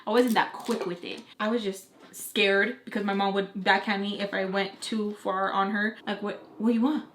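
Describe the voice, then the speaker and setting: A woman's voice: medium pitch, normal speed. A young woman with an American accent from Utah, casually telling a personal story and acting out her family's voices. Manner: animated, acts out quoted voices of family. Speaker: vlogger telling a story time. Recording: echoey room, faint noise.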